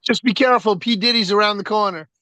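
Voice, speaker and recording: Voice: mid-range voice, fast talker, heavy background noise. A co-host on a video call, making dry joking asides. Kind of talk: casual video call chat.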